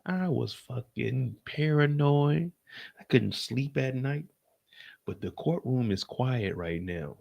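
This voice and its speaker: A man hosting a live stream who reads out court updates in casual, animated commentary, with swearing and sudden whispers. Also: medium pitch, slow pace, vocal fry, muffled recording.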